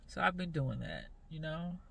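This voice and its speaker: A woman in her forties talking earnestly in a personal faith vlog, halting and repeating her phrases as she goes. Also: deep voice, gravelly, a bit bright, breathy edge. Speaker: vlogger.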